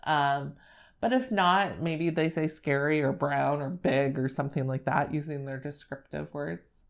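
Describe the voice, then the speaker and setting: Calm, slow woman explaining teaching steps. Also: low-pitched, creaky. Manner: calm, step-by-step explaining with fillers. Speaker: speech therapist demonstrating AAC modeling. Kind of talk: instructional demonstration.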